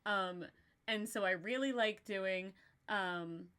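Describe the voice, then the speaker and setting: A young woman hosting a casual livestream chat, animated and laughing as she tells stories and swears freely. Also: mid-range voice, takes it slowly, clear, resonant tone. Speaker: podcast host.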